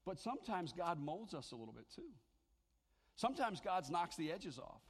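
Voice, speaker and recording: Man, pastor, conversational sermon, fairly high voice, long hall reverb. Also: sing-song, moderate pace, slightly rough. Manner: conversational, joking with the congregation. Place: church sanctuary.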